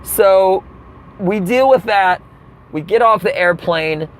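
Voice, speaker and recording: A man's voice: sits high, slow. A man telling a comic rant story, acting out the people he quotes. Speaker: comedian. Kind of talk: comedic rant monologue.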